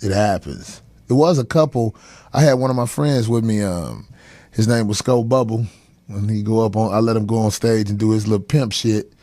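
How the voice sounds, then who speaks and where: Hosting his talk show, a middle-aged comedian spins crude road stories loosely and profanely, laughing as he goes and doing quick voices for anyone he quotes. His pitch is fairly low and mellow, and the recording is dry and close with no echo or room around it.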